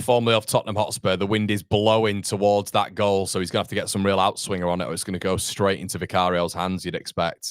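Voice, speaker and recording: A man's voice: low-pitched, no room sound, clean studio sound. A man hosting a fan watchalong, calling the match live play by play and answering viewer chat, with partisan exasperation. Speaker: fan channel host.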